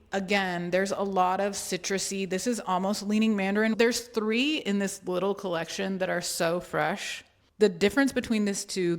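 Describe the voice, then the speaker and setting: Chatty woman vlogger, slightly low voice. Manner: playful and chatty, with joking asides. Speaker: beauty and travel vlogger. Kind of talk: casual chatty product walkthrough.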